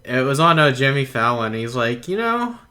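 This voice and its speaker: A man's voice: mid-range voice, big pitch swings, moderate pace, sharp tone. A man co-hosting a podcast, easygoing and chuckling a lot, egging on his co-host. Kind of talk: casual chat.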